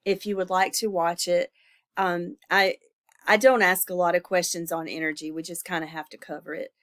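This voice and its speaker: A woman's voice: on the low side, flat delivery, fairly bright tone. Stuffy-voiced woman giving a lecture. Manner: informal, halting with fillers and self-corrections. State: stuffy, congested from illness. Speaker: instructor. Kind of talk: recorded lecture.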